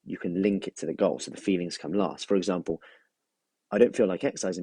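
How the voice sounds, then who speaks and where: A personal trainer talks his viewers through a coaching session in a relaxed, chatty live stream, stopping to greet people by name. His voice sits very low, with a mellow, slightly husky tone. The sound is close and dry. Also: quick pace, dry recording.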